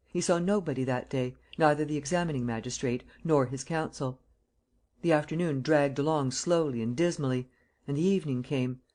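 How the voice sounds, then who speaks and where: An audiobook reader narrating a classic detective novel in a measured, even way. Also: mid-range voice.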